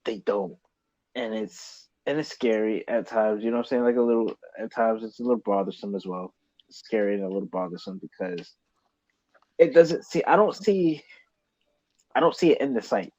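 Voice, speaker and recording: A man's voice: on the low side, normal speed, darkish tone, dry recording. A man co-hosting a casual podcast chat, rambling with frequent restarts and swearing when riled. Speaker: podcast co-host. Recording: slightly dull lo-fi sound.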